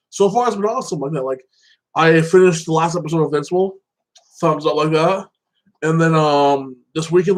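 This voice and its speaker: A man with a slightly high voice hosts a casual solo chat on his channel. He rambles, leans on "like that" and "you know", and greets viewers by name as he goes. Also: poor audio. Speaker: YouTube channel host.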